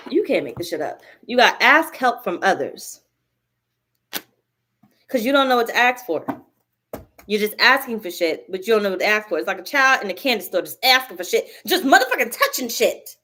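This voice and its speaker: A woman's voice: on the high side, sing-song, normal speed, pushed and bright, slight background noise. Blunt, cursing woman reading tarot. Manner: blunt, profane, repeats herself emphatically. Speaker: tarot reader.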